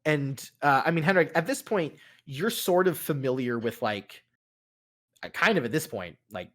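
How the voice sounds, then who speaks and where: A man's voice: on the high side, lively intonation, moderate pace, a bit bright. A man narrating a tabletop role-playing game as game master, casual and rambling, with many fillers and restarts.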